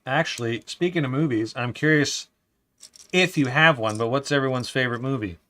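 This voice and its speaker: A man hosting a casual live stream from his desk, chatting easily, reading viewer comments aloud and often calling people "man", sometimes trailing into a quiet mutter while he builds. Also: mid-range voice, brisk.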